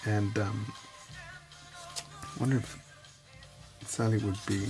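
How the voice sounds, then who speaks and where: A man giving a rambling, candid personal monologue to camera, swearing at times and slipping into quick impressions of others. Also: lowish voice, flat delivery, music in the background. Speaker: vlogger.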